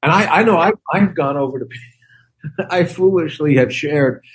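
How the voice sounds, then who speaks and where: A man in his sixties, a comedian and actor, telling casual stories on a podcast and acting out the lines he quotes. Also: a little slow. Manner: animated storyteller who acts out quotes with big pitch jumps.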